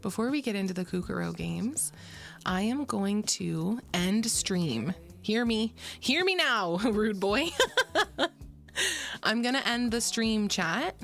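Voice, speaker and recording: Playful streamer woman, gravelly voice. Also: mid-range voice, expressive, slow. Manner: playful, chatty, meows and giggles at chat. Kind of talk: casual live-stream chat.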